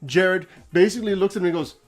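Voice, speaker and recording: A man's voice: high voice, fast talker. A man hosting a casual story recap, talking animatedly, laughing often and acting out quotes. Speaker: host.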